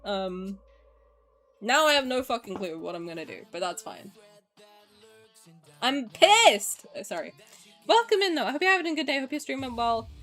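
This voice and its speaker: A young woman from England streams live, greeting her viewers with frank, emotional chat, ranting and swearing as she goes. Her voice is a little high with big pitch swings, a little fast and fairly bright, with faint music behind her.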